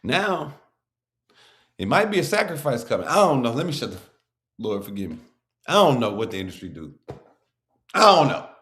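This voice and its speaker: Animated, profane man ranting in reaction. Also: medium pitch, moderate pace, long pauses. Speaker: host reacting to a clip. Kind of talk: casual reaction commentary.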